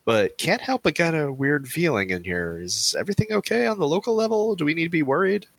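A man's voice: fairly high pitch, lively intonation, a little fast, vocal fry, breathy edge, no echo, voice pushed up, full character voice. A man voicing an easygoing male traveler who asks polite, probing questions with dry humor.

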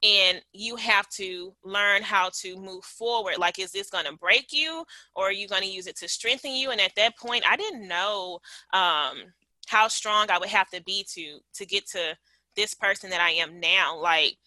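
A woman's voice: mid-range voice, moderate pace, bright, forceful tone, no room sound, rough recording. A woman in her late twenties, sharing a personal story as a guest in a candid, reflective way, with frequent fillers and restarts. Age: late 20s.

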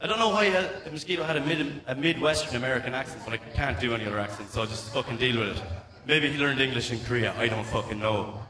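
A man's voice: medium pitch, fast talker, pushed and bright. A man in his thirties with an Irish accent doing a stand-up comedy set, profane and rambling, stumbling over restarts. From Ireland. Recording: echoey room, mic at a distance.

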